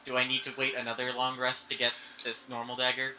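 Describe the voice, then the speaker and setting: A man playing a tabletop game, tentative and quiet in his speech. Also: mid-range voice, monotone, fast, poor audio. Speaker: player. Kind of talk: casual tabletop play.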